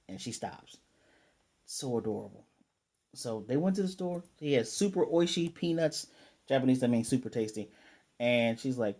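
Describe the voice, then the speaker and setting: Rambling man with a mellow voice. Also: mid-range voice, expressive, moderate pace. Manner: rambling, lots of fillers and restarts. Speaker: anime reviewer. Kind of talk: casual episode recap.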